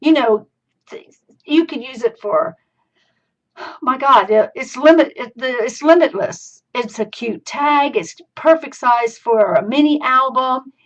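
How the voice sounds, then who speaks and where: A Southern woman speaks at a measured pace in a high-pitched voice, walking viewers through a live crafting demo in a chatty, folksy way and laughing readily. It's a live-streamed craft tutorial heard through dull, lo-fi stream audio.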